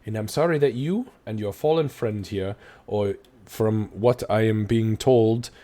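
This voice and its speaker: A man voicing a strict male dwarf constable who speaks in formal, measured pronouncements. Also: lowish voice, dark tone, natural voice. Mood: stern.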